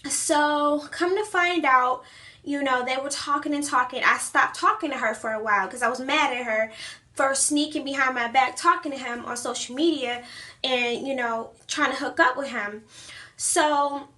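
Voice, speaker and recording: A woman's voice: high-pitched, moderate pace, pushed and bright. A young woman chatting through a storytime vlog, retelling events with lots of fillers.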